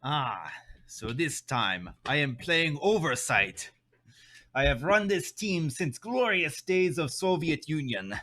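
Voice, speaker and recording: Man voicing a gruff old Soviet commander, put-on Russian accent, slow drawl, protective. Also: on the high side, animated, bright, forceful tone, exaggerated voice. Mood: proud.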